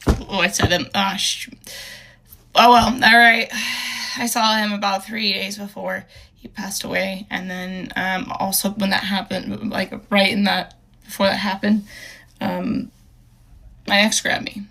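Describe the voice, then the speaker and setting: A young woman telling a personal story in a halting, hesitant way, with many fillers and restarts, earnest and emotional. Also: medium pitch, flat delivery, gravelly, sharp tone.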